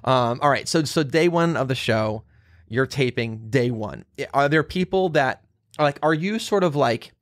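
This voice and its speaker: A man hosting a casual interview, eager and full of quick reactions and restarts. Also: medium pitch, animated, no echo, studio quality. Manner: eager, lots of fillers and restarts, frequent reactions. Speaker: podcast host.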